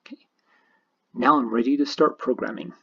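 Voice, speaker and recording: In this screen-recorded coding tutorial, the instructor explains every step in careful order. The voice is medium-pitched and slightly rough, moving at a moderate pace, and the recording has a dull, lo-fi quality.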